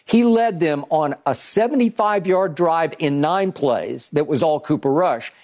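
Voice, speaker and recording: Hosting a sports talk show, a man breaks down football plays with animated energy, emphatically repeating words at the starts of phrases and firing off rhetorical questions. His voice is a little high yet darkish in tone, and his delivery is unhurried.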